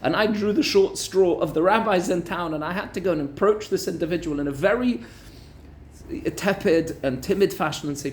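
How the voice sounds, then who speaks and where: Rabbi telling a lively Torah story. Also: male voice, high voice, fairly quick, slight background noise. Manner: lively storyteller with joking asides.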